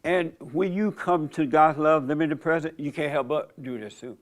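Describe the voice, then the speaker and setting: Speaking at a moderate pace in a slightly high voice, an older man who pastors and hosts delivers a casual church talk. His storytelling is full of jokes and frequent laughter.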